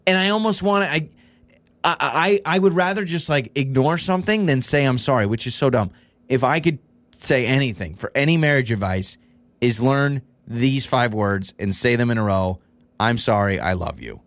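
A man's voice: mid-range voice, normal speed, a bit bright, dry recording. A man co-hosting a podcast with his wife, talking casually and self-deprecatingly, often restarting his sentences. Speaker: podcast co-host. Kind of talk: casual couple chat.

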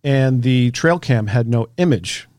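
A man in a casual interview, spinning an animated story with the odd swear word tossed in. His voice sits at an ordinary middle pitch, recorded close and dry with no room sound. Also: measured pace, no echo. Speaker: author and researcher.

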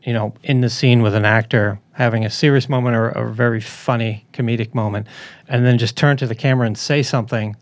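A man with a gravelly voice, a guest correspondent in a casual chat, enthusiastic as he recommends things. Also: medium pitch, steady tone, fast, no room sound.

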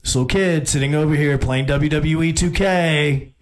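A man's voice: a little high, normal speed. An adult man hosting a sports talk show, telling a rambling story in a casual monologue with many restarts.

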